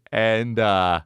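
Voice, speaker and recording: A man hosting a podcast, telling a comedic story in a profane, animated way that climbs high as he gets excited. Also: no room sound, clean studio sound. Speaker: podcast host. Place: podcast studio.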